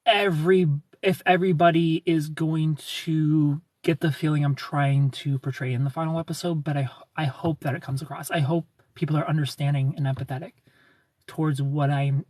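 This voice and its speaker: Reading out viewer comments, a young livestream host rambles animatedly in casual chat, laughing and repeating himself. His voice is on the high side, his pace moderate, and there's no room sound.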